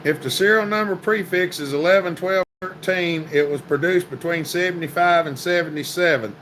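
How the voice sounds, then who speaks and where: A chatty man with a drawl runs a casual livestream, greeting viewers by name. His voice is bright and forceful and sits a little high. A faint hum of background noise runs under it. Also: normal speed, low-quality recording. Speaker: livestream host. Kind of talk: casual livestream chat reading comments.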